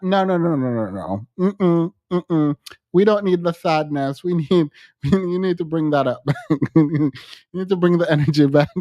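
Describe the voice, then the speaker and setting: A woman's voice: on the low side, a little mellow, dry recording. Woman podcast host, playful and mocking, always laughing, dry close mic. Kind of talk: casual reaction commentary.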